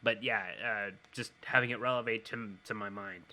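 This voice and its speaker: A man co-hosting a casual podcast, talking in a halting way with many pauses and restarts. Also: on the low side, level tone, bright, forceful tone. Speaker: podcast co-host. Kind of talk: casual chat.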